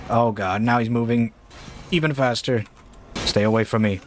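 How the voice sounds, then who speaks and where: A man playing a horror game and talking through it casually, with slow, drawn-out remarks that jump to startled shouts and curses. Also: medium pitch, a little hiss or hum. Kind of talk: casual let's-play commentary.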